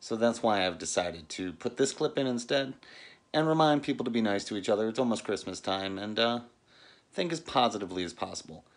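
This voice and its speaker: A man's voice: fairly low pitch, lively intonation, a little fast. A middle-aged man talking casually to camera as a family vlogger, joking one moment and earnest the next. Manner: joking, turning earnest and reflective. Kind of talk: casual vlog chat.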